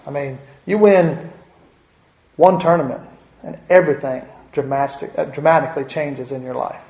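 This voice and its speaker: A man's voice: a little high, normal speed, vocal fry, darkish tone. Earnest man preaching in an echoey church. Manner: earnest, repetitive emphasis with folksy asides. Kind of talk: sermon. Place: church sanctuary. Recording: roomy church reverb.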